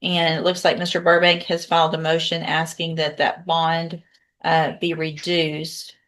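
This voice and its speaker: A woman judge running a court hearing in a brisk, procedural way. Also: sits low, monotone, a bit bright. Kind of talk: presiding over a court hearing.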